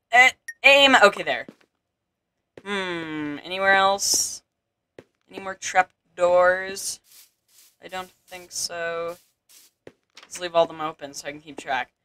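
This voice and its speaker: Man, casual gameplay commentary, clear bright voice, reads text aloud, thinks out loud. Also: high voice. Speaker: gameplay video maker.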